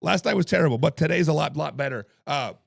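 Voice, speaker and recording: A man hosts a casual sports talk live stream, chatting with viewers in the chat. His voice sits high and is heavily gravelly and hoarse. The recording is dry and close. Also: fast, dry recording. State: hoarse from coaching. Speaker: podcast host.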